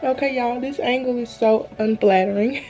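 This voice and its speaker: A young woman talks earnestly to her viewers on a phone camera at home, drained and holding back tears, slow and halting. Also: fairly high pitch, highs cut off, music in the background. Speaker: vlogger. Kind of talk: emotional faith-filled vlog talk. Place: at home, bedroom.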